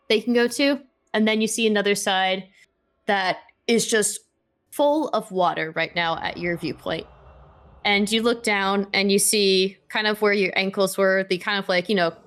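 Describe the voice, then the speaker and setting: A woman's voice: medium pitch, a bit bright. A woman running a tabletop game as game master, describing scenes in a hesitant way with many fillers.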